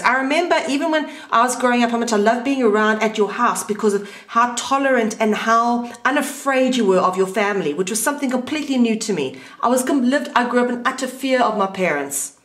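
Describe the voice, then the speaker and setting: A woman's voice: on the high side, lively intonation, a little fast, hardly any pauses, a bit bright, roomy sound. A woman interviewing an old school friend in a casual, candid chat, swearing freely and mimicking voices.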